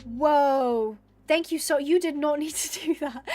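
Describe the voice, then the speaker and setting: A young woman with a bright, high voice rambles as she streams a building game, thinking out loud and gushing with thanks. She sounds a little teary and snotty. Faint music plays underneath. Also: unhurried, dry recording. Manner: chatty, thinks aloud, gushes with thanks. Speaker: Minecraft streamer. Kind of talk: casual live-stream chat while gaming.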